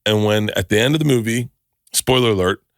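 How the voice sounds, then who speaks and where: A middle-aged man hosting a podcast, telling stories in animated bursts with plenty of swearing and restarted sentences. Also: lowish voice, brisk, dry recording, studio quality. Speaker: podcast host. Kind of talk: casual chat.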